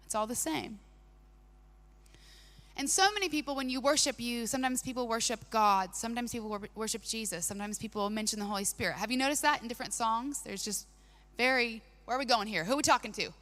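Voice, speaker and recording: Bright woman preaching in a reverberant hall. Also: fairly high pitch, fast. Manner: chatty, conversational preaching with asides. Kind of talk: sermon.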